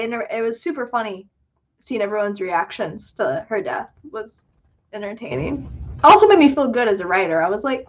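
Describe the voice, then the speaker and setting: On her livestream, a young filmmaker answers viewer questions in a high, bright, expressive voice at a moderate pace. She's loose, giggly and self-deprecating, with many fillers, over dull lo-fi audio.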